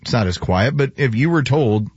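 A man's voice: medium pitch, animated, normal speed, slightly rough, dry recording, highs cut off. A man co-hosting a radio show, chatting casually, telling stories and teasing his partner. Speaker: radio co-host.

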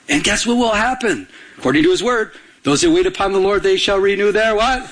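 A man's voice: sits high, animated, a little fast, a bit bright, poor audio. A man preaching a sermon as pastor, urging the congregation on, repeating words for emphasis and asking them to finish his lines. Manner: urgent preaching with call-and-response questions to the congregation.

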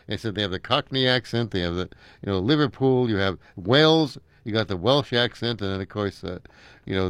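An older American man in easygoing conversation, trailing off into uhs and little laughs as he wanders between thoughts. His voice sits at an ordinary middle pitch and the recording is dry and close, with no room around it. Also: a bit bright, clear, resonant tone, dry recording. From United States. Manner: rambling, chuckling often, halting with many uhs. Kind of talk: casual chat.

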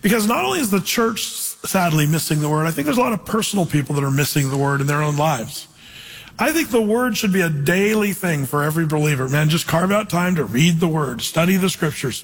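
A man's voice: a little high, animated, brisk, breathy edge, big-room sound, poor audio. A man preaching an expository sermon as a pastor, reading scripture aloud and urging his listeners with earnest emphasis.

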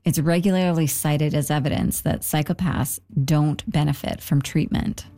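A woman hosting a radio documentary, reading scripted narration in a measured, explanatory way. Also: low voice, fairly even intonation.

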